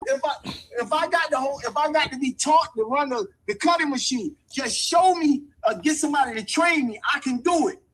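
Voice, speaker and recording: A man's voice: very high-pitched, lively intonation, normal speed, pushed and bright, low-quality recording. A man talking in an impassioned, street-wise way, hammering his points with repetition like a lecture. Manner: emphatic and repetitive, preachy.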